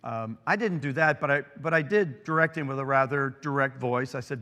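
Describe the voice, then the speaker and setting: A middle-aged male pastor delivers a sermon at an ordinary pitch, moving between emphatic, rising declarations and quiet, intimate storytelling. His voice rings with long reverb in a large church sanctuary. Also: brisk. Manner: earnest, swings from emphatic to hushed storytelling.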